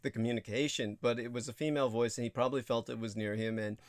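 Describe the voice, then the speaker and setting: A man hosting a livestream in casual chat, stammering and breaking into laughter, his voice jumping high when amused. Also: fairly even intonation, fast talker, dry recording, studio quality. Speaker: livestream host.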